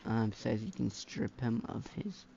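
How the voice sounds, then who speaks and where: Male mod reviewer, gravelly and rambling, lots of "um"s, muffled lo-fi mic. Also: mid-range voice, lively intonation, normal speed, mellow, a little hiss or hum. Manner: rambling, filler-heavy, slangy. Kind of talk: casual gameplay commentary. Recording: dull lo-fi mic.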